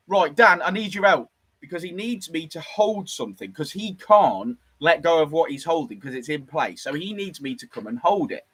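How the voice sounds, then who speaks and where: A man's voice: a little high, husky, no room sound, rough recording. A man, telling a casual story from his garage workshop and acting out the other voices. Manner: lively, animated, acts out the other voices.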